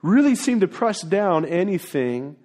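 A man preaching a sermon in an earnest way, dropping into quiet asides and then building to emphatic, rising points. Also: high-pitched, very animated, a little slow. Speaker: pastor.

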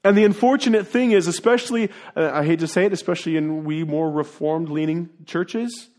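A male pastor preaches earnestly in a slightly higher-than-usual voice, a little fast, shifting between low, quiet asides and emphatic, rising declarations.

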